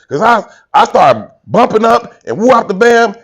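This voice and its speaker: This podcast co-host sounds tired yet animated as he tells a story in casual conversation, acting out quotes and laughing often. His husky voice is high-pitched, moving at normal speed with few pauses.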